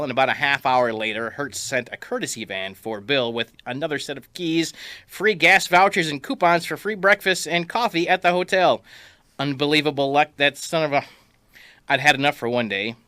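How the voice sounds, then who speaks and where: A man reading a comic personal story aloud in a wry, deadpan way. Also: a little high, normal speed, smooth, dry recording, clean studio sound.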